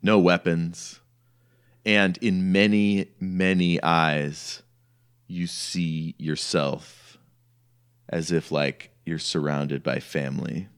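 A man with a low, deep voice narrates as game master in a tabletop role-playing session. He talks casually, rambling and leaning on "like" as he sets each scene. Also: fairly even intonation, slow pace, clear, resonant tone. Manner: casual, rambling, heavy use of "like".

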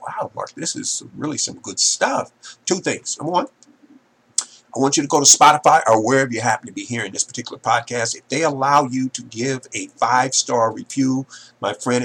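Guy doing a solo business podcast, husky voice, pushy salesman vibe, keeps saying ladies and gentlemen. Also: medium pitch. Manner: emphatic, repetitive salesman-like delivery. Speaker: podcast host.

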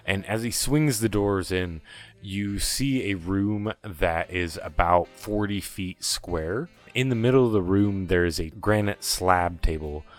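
A man narrating as game master of a tabletop game, describing scenes in a relaxed, rambling way, with faint music behind. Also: sits low, measured pace. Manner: descriptive, relaxed, with restarts and fillers.

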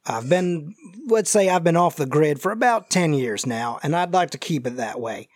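A man's voice: on the high side, expressive, moderate pace, no echo, clean studio sound. A man voicing a wounded, secretive man on the run, with a folksy Southern drawl and an evasive, wheedling way of talking. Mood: bargaining.

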